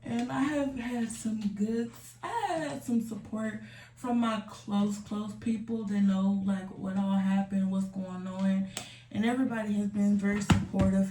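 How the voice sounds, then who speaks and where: A young woman vlogs from home in a candid, slangy, confessional way, now and then sinking into soft asides. Her voice has a gravelly edge, and it sits a little back from the mic in a roomy-sounding space with a faint hiss behind it. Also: mid-range voice, distant mic. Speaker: vlogger. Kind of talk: casual confessional chat. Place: home room.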